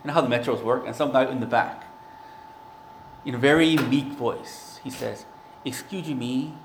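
A man's voice: mid-range voice, moderate pace, reverberant, noisy background. A man preaching a sermon, earnest and conversational, with a prayer and a personal story. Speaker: pastor.

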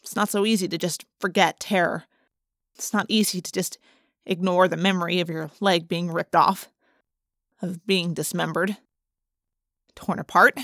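A woman reading a first-person novel aloud in an expressive, wry, conversational way. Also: on the low side, moderate pace, pauses often, no room sound, studio quality. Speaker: audiobook reader.

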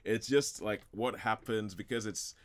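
A man's voice: lowish voice, unhurried, no echo. A man talking casually and enthusiastically about a film as a radio show regular, rambling with many restarts and laughs. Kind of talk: casual chat.

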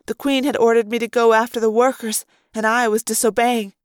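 A woman with a high voice reads a novel aloud in the first person. Her delivery is tense and dramatic. The recording is dry, with little room sound. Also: little pitch movement, brisk, no room sound. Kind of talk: audiobook reading of a novel.

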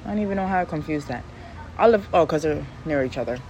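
A woman's voice: low voice, quick pace, poor audio. Woman host, casual venting monologue, outdoors on phone, faint traffic behind. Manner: rambling, venting, animated asides. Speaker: podcast host. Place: outdoors in the shade.

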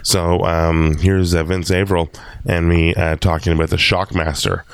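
A man's voice: deep voice, flat delivery, moderate pace, clean tone, no room sound. A man hosting a podcast, chatting casually and rambling with many fillers and restarts. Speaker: podcast host. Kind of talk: casual chat.

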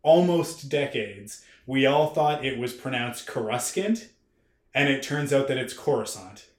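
Man, podcast co-host, mid pitch, animated and rambling, roomy echoey recording. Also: measured pace. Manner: rambling, animated, many restarts and fillers. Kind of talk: casual chat.

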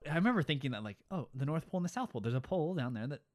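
A man chatting casually about a movie, animated, acting out characters' lines in quick voices. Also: a little high. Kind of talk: casual chat recapping a movie.

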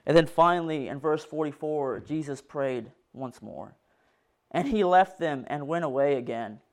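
Man preaching with a smooth, clear voice. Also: fairly high pitch, moderate pace. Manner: earnest preaching that reads scripture aloud, rising and falling in force. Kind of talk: sermon.

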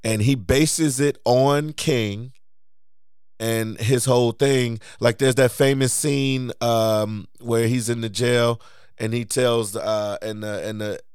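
A man's voice: mid-range voice, steady tone, slow pace, a little mellow, clear, resonant tone, no echo, studio quality. A man hosting a podcast, chatting casually, often affirming and laughing along. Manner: affirming, frequent backchannels and laughter. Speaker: podcast host. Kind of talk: casual conversation.

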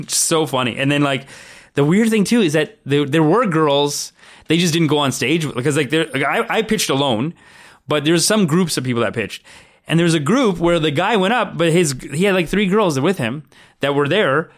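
A man telling stories as an interview guest in a casual chat, acting out quotes with lively jumps in pitch. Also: brisk. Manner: animated storyteller, acts out quotes with big pitch jumps. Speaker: guest, comedian pitching a show.

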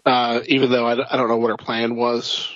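A man co-hosting a casual movie review chat, stammering and mocking scenes with animated outbursts. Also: medium pitch, a little fast, no echo, highs cut off. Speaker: podcast co-host.

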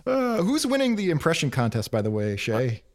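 A man's voice: fairly high pitch, huge pitch swings, moderate pace. A man co-hosting a casual comedy chat, cracking dry, absurd jokes while recapping a comic. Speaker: podcast co-host.

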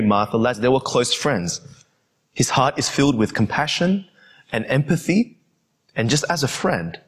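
Man, young adult, preacher, sermon, earnest, middle pitch, calls listeners friends. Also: slightly rough.

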